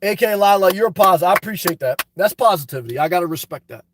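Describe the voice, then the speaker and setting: A man hosting a livestream from inside his car, reading out viewer comments and answering bluntly, often breaking into loud, laughing rants. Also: sits high, animated, fast talker, background noise. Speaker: livestream host. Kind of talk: live-stream chat reading.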